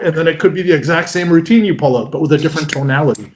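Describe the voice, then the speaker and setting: Man in his forties, from North America, animated, fairly high voice. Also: racing, hardly any pauses. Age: 40s. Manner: animated, breaks into mock voices. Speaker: magician guest. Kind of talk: casual interview answers. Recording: roomy echo.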